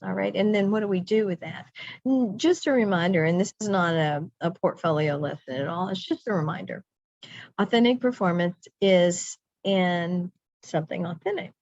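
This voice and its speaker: Chatty lower-voiced woman leading teacher training. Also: moderate pace, a little mellow, no echo, lo-fi sound. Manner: chatty and self-interrupting, laughs at herself. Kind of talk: recorded teacher training session.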